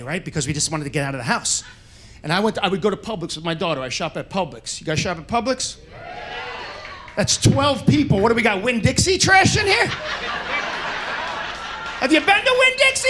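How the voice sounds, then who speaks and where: Brash high-voiced stand-up comic man. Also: slight background noise. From United States. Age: middle-aged. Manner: brash, profane storytelling, shouting punchlines. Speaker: stand-up comedian. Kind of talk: stand-up comedy set. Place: comedy club stage.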